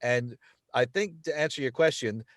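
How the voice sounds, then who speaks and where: Man from the US, animated talker, playful accents, dry close recording. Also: mid-range voice, moderate pace, no room sound. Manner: animated, laughs often, slips into playful accents. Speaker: podcast guest, voice actor. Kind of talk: casual chat. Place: lives in the UK.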